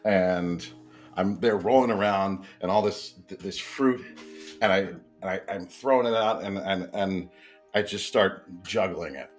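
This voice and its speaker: Low-voiced guy tripping over his words describing a circus trick, bit of music in the back. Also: measured pace. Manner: rambling, stumbling, many restarts. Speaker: player. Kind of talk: casual tabletop role-play.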